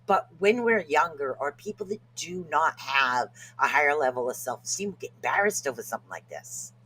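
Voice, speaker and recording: A podcast co-host talks casually about self-help with a bright, forward tone. They joke around and laugh at themselves when tricky words trip them up. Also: mid-range voice, animated, moderate pace, slightly rough. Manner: jokey, laughs at own stumbles over words.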